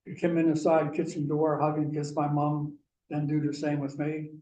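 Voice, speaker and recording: A man from Pennsylvania giving a talk, telling a personal story slowly and deliberately. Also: a little high, monotone, mellow. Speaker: guest speaker. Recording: echoey room, mic far off, faint hiss.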